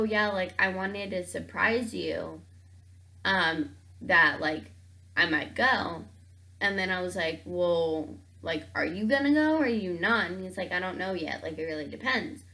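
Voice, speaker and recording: A young woman telling a dating story on her vlog, saying "like" constantly and acting out both sides of the conversation. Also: on the low side. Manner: animated, says "like" constantly, acts out both sides of the talk. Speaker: vlogger.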